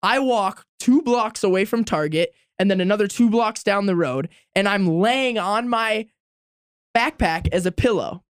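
A man's voice: high-pitched, a little slow, smooth, no room sound, studio quality. A young man casually telling a long, profane anecdote to friends on a podcast. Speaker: podcast guest storyteller. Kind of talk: casual storytelling among friends.

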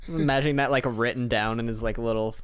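A young man in casual podcast chat, dropping deadpan, absurd asides. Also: mid-range voice, fairly quick, clean tone. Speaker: podcast guest.

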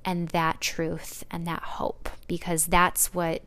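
A woman hosting a solo podcast, talking in a gentle, earnest way with soft laughs and restarts. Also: on the low side, monotone, takes it slowly, smooth. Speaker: podcast host. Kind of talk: casual solo podcast talk.

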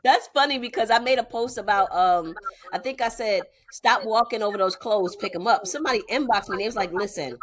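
A woman's voice: mid-range voice, fairly quick. A woman in her thirties cohosting a podcast, telling family stories in casual chat with lots of laughter. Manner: animated storytelling, frequent laughter.

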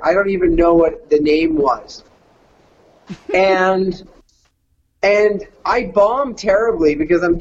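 A man's voice: on the high side, dull audio. A middle-aged man from Canada, a voice actor casually telling a story and slipping into surfer-dude voices.

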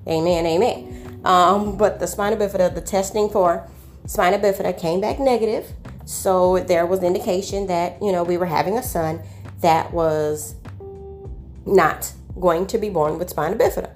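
A woman tells her faith testimony in a lowish voice, lively and preachy, tossing amens and asides to her listeners. Faint music sits quietly beneath her. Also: normal speed. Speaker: podcaster sharing a personal testimony.

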